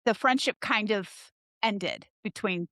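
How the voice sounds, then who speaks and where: Slow-talking woman guest. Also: medium pitch, fairly bright tone, no room sound, clean studio sound. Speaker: podcast guest. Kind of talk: casual chat.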